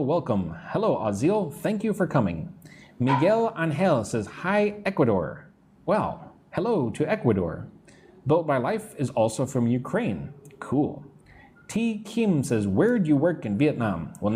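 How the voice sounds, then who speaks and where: An American man teaching English on a live stream, speaking slowly and clearly, repeating words for practice and greeting viewers from the chat. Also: medium pitch, sing-song, darkish tone, slight background noise. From United States.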